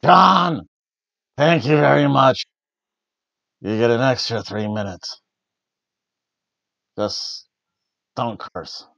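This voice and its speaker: A man doing a deliberately poor impression of a curt, patronizing older wrestling promoter, recorded on dry, slightly dull audio. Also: mid-range voice, creaky, a bit bright, no room sound, heavily acted.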